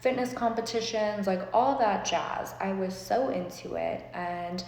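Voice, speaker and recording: A woman's voice: medium pitch, unhurried, creaky, darkish tone. A young woman telling a story in a chatty, casual way, full of fillers and swearing. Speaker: vlogger. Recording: echoey room with long reverb.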